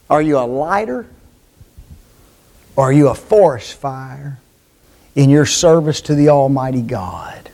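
Man, preacher, high voice, sermon, emphatic, rhetorical questions.

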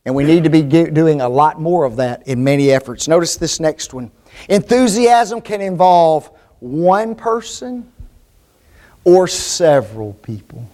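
Preacher man, high voice, sermon delivery that swings from loud to hushed. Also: expressive, a little slow. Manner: emphatic, rhetorical questions, swings between loud and hushed.

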